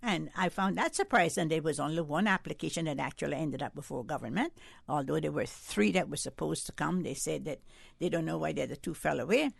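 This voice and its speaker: A woman's voice: low-pitched, fairly quick, gravelly, breathy edge, dry recording. An older woman, arguing points emphatically as a guest on a call-in radio discussion. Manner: emphatic, argumentative, rising for emphasis.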